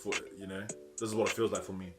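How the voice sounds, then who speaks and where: A man's voice: low voice, level tone, very fast. A young man with a New Zealand accent, telling a story casually, swearing freely and acting out what people said, with music behind him. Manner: slangy, swears a lot, acts out quotes. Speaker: vlogger.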